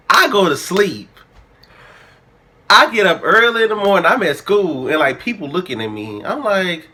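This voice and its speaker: A man's voice: on the high side, moderate pace. A young man, telling a personal story casually and acting out the dialogue with drama. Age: early 20s. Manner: animated, dramatic retelling with quoted dialogue. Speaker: vlogger.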